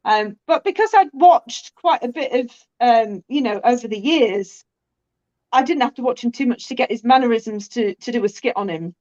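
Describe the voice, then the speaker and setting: A woman with a British accent in a casual conversation, chatty and quick to laugh. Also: fairly high pitch, animated, darkish tone, dull audio. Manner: chatty, laughs often, many restarts.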